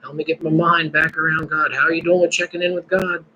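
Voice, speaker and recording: A man's voice: on the high side, little pitch movement, fast, bright, forceful tone, highs cut off, slight background noise. A man hosting a casual live stream, musing and praying aloud between his thoughts. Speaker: podcast host.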